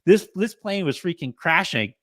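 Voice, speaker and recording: A man in his thirties hosting a sports podcast from home, holding back tears as he gives a rambling, halting thank-you full of restarts and fillers. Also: high voice, lively intonation, a bit bright, no room sound. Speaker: podcast host.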